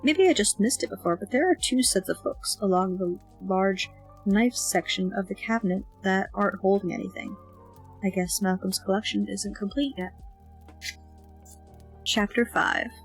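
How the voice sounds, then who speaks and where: A woman narrating a young-adult novel in the first person, with expressive, lively delivery of the dialogue. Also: mid-range voice, normal speed, slightly rough, rough recording. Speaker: audiobook narrator. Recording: faint background music.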